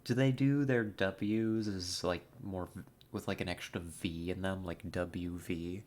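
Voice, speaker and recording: A man's voice: low-pitched, steady tone, unhurried, a little mellow. Playful man streaming a game. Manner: playful, laughing, self-deprecating. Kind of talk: casual live-stream commentary.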